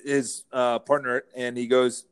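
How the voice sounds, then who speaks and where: Man, interview guest, lively storyteller, mid-pitched voice. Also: unhurried, clean tone. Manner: animated anecdotes, playful mimicking of others. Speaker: real estate brokerage founder, guest.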